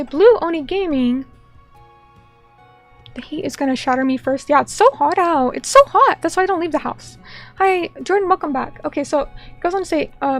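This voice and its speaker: High-voiced playful woman streamer. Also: a little mellow. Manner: playful, teasing, mock-indignant. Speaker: VTuber streamer. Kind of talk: casual chat reading viewer comments.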